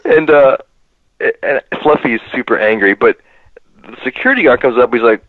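A man's voice: mid-range voice, huge pitch swings, brisk, no room sound, phone-quality sound. A man guest on a podcast telling a story casually, laughing often and leaning on fillers.

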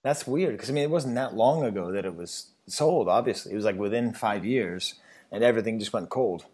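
A man hosting a casual podcast chat, eager and quick to stammer into restarts. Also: on the low side, a little mellow, husky. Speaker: podcast host.

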